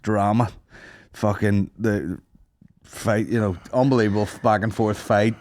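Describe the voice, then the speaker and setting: A man's voice: on the low side, fairly even intonation, measured pace, darkish tone. A Northern Irish man co-hosting a podcast, bantering in a casual, sweary way. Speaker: podcast co-host. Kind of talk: casual chat.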